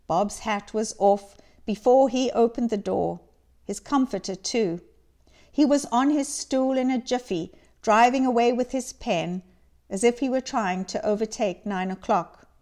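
A woman giving an expressive, measured dramatic reading of a classic story. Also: fairly high pitch. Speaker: reader.

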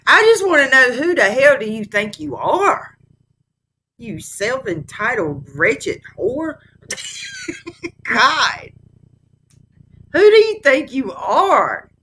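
A woman's voice: sits high, big pitch swings, slow, sharp tone, slightly rough. A woman hosting a live stream, reacting to a clip with indignant, scornful rhetorical questions. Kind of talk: heated casual commentary.

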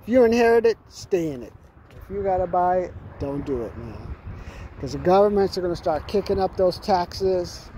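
A man with a high voice gives a loose, animated sales pep talk, swearing and ending lines with "man." He is recorded outdoors, with faint street and traffic noise behind him. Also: moderate pace. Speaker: sales coach. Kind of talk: casual motivational monologue.

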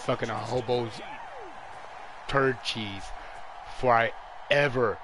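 A young man streaming a football video game live, trash-talking and commentating, dropping to mutters and jumping up to yells. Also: medium pitch, slow pace, background noise. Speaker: gaming streamer.

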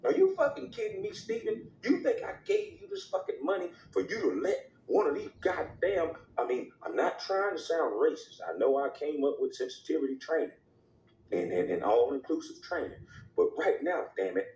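A man's voice: fairly high pitch, big pitch swings, normal speed, a little mellow, roomy sound, low-quality recording. A man voicing a domineering male network boss who scolds and barks orders in a comedy skit. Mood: scolding. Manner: scolding, barking orders, profane.

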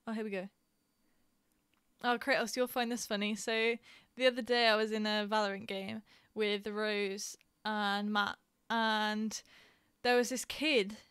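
A woman's voice: fairly high pitch, fairly bright tone, smooth, dry recording. A young woman from England streaming a game, chatting casually and telling stories with frequent giggles and fillers. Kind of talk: casual chat while gaming.

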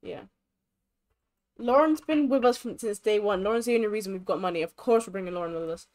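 A woman's voice: medium pitch, brisk, a little mellow. A woman hosting a gaming channel, giving bubbly, chatty commentary while she plays and filling her talk with "like". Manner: bubbly, lots of fillers like "like".

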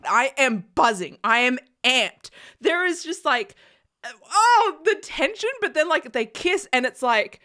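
A woman's voice: high voice, measured pace. Young woman vlogger gushing over a show, laughs a lot, talking into a desk mic in a small room. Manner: excitable, gushing, laughing often. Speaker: reaction vlogger. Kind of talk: casual reaction chat.

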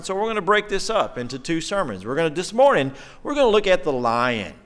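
A man preaching a conversational sermon in a church, animated and chatty, often putting questions to the congregation. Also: fairly high pitch, clear, resonant tone. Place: church sanctuary.

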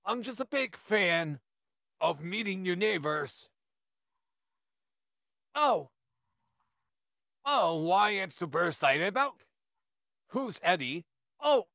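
A man's voice: high-pitched, sharp tone, no room sound, studio quality, full character voice. A man voicing an overexcited, friendly young neighbor who gushes and stammers, in a listener role-play. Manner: eager, gushing, stammering.

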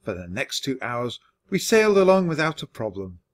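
A man reading a children's story aloud in an expressive, measured way for English learners. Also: mid-range voice. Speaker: storybook reader.

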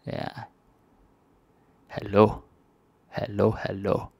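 A young man with a Danish accent teaches a relaxed language lesson, repeating each word slowly for learners. His voice is low and gravelly, and he talks at an unhurried pace. The recording is dry and close. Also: no echo.

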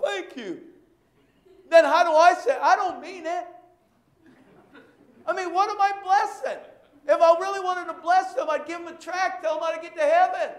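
High-voiced preacher in an echoey church. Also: male voice. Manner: animated storytelling with shouted bursts. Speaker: pastor. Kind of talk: sermon.

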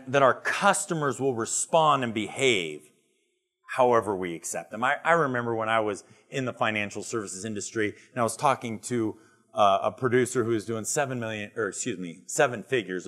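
A middle-aged man giving a motivational keynote talk at a retreat, telling stories and repeating his points for emphasis. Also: medium pitch. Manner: storytelling, animated, emphatic repetition. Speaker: business speaker. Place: retreat event.

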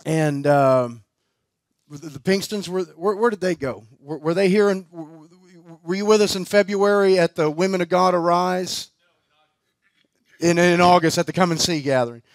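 Sitting high in pitch and moving at a moderate pace, a man tells a personal story as a guest preacher at a conference. It's sermon storytelling in a chatty style, with frequent laughs, fillers, and restarts, and the sound has no echo.

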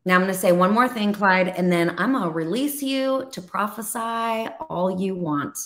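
A woman in her thirties or forties who preaches over a video call. Her delivery is animated and full of stories, and she acts out the voices of the people she quotes. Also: mid-range voice, normal speed. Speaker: ministry leader and co-host.

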